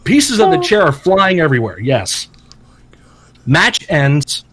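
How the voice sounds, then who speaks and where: Animated, profane, higher-voiced podcast storyteller man. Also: slow pace. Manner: animated, profane, acts out quotes loudly. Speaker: podcast co-host. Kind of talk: casual storytelling podcast chat.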